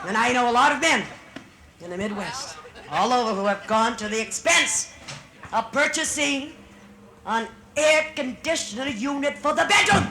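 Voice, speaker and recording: A woman's voice: high voice, moderate pace, pushed and bright. A middle-aged woman comedian doing a bawdy live stand-up routine on a nightclub stage, teasing the audience with brassy banter.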